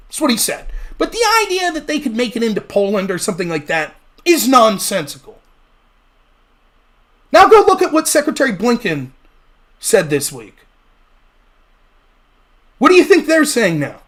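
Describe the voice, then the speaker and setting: A man's voice: extremely high pitch, big pitch swings, normal speed, fairly bright tone. A man hosting a political livestream, ranting heatedly, swearing and sarcastically challenging chat viewers to call in. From United States. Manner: swears freely. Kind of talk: heated solo livestream rant.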